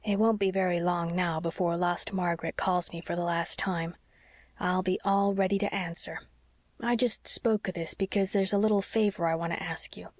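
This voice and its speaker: A woman reading the part of a frail, gentle old sea captain, speaking softly and wistfully in a low voice. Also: fairly even intonation, normal speed, no echo, close to an everyday voice. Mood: tender.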